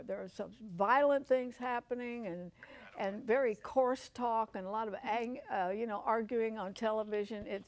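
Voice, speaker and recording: A woman's voice: mid-range voice, darkish tone. An older woman hosting a Christian television talk show, chatty and earnest, often repeating herself and using fillers. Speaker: host.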